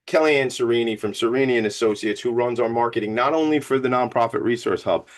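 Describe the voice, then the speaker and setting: A man with a Long Island New York accent, hosting an interview in an energetic, rambling, playful way. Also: mid-range voice, fast. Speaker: podcast host. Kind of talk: casual interview chat.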